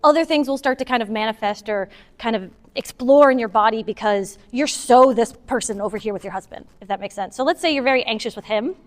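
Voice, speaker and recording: A woman giving a casual, animated talk to a moms' group, taking audience questions and acting out what partners say. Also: on the high side, fairly quick, few pauses. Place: meeting hall with an audience. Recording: long hall reverb.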